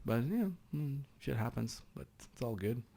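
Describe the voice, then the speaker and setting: A middle-aged man with a Canadian East Coast accent tells stories on a podcast. He talks in a lively, halting way with many restarts, in a mid-range voice. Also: medium pitch, vocal fry. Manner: animated storyteller with many restarts and laughs. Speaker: podcast guest, former SWAT sergeant. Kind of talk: casual storytelling.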